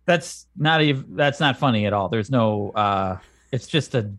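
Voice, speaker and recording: A man co-hosting a comedy podcast, answering his partner with dry, deadpan objections. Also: mid-range voice, no echo. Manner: deadpan, wry, quick to object. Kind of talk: casual comedic banter.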